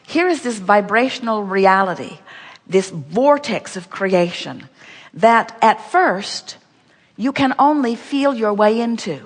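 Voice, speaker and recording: A woman's voice: fairly high pitch, in a large hall. A woman giving an inspirational workshop talk, speaking emphatically and repetitively, referring to herself as "we". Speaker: seminar speaker.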